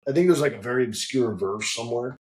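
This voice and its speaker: A man, a distillery guest, telling a long, animated and profane anecdote in casual conversation. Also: mid-range voice, fast talker, poor audio. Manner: animated, profane, frequent restarts. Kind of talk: casual storytelling.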